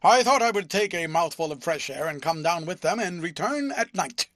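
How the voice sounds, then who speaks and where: A man voicing a loud, overbearing, pompous male philanthropist in an audiobook reading. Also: animated, normal speed, dry recording, clean studio sound. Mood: pompous booming. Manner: booming, ferocious, self-important.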